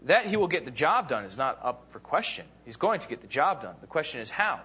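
A man's voice: a little high, very animated, brisk, pushed and bright, husky. A man teaching a Bible class, casually retelling a story with fillers and acting out the quoted lines. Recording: dull lo-fi recording.

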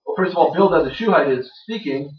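Guy teaching a class, kinda high voice, far from the mic in a roomy hall, muffled lo-fi sound. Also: expressive, fast talker. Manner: conversational, self-deprecating, many fillers and restarts. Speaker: lecturer on biblical grammar. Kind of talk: classroom lecture with jokes. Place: room with a live audience. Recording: roomy, distant, dull lo-fi sound.

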